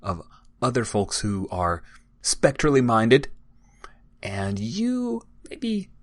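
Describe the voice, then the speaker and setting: A man playing a calm young doctor who talks in a measured, gently persuasive way. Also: mid-range voice, dry recording, exaggerated voice. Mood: earnest. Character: calm, earnest young male college doctor.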